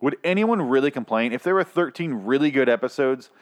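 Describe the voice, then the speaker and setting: A man's voice: medium pitch, lively intonation, brisk. A podcast host who vents about a show in a loose, profane monologue with heavy sarcasm. He sounds exasperated and stumbles and restarts as he gets worked up. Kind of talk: casual ranting review.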